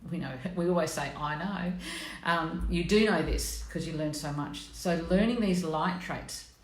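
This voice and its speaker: Middle-aged female host, deep voice, casual and frank, live stream from an echoey room. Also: normal speed. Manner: chatty, blunt and self-mocking, greets viewers by name.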